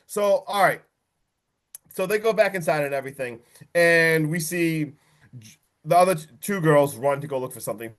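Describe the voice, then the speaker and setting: A man with a slightly high voice talks through a horror film's plot on a casual podcast. He gets worked up, swears freely and slips into quick impressions of the characters. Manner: excitable, swears, acts out quotes from the film. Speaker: podcast host. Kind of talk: casual film recap.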